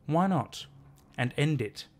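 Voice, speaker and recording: A man voicing a strange, brooding traveller in a read-aloud story, speaking slowly and deliberately. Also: a little high, expressive, darkish tone. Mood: musing. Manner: slow and deliberate.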